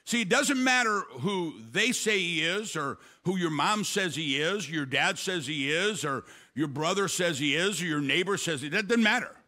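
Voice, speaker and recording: An older man preaches a sermon as a pastor in a fairly high, animated voice, adding quick storytelling asides and sudden loud, emphatic bursts.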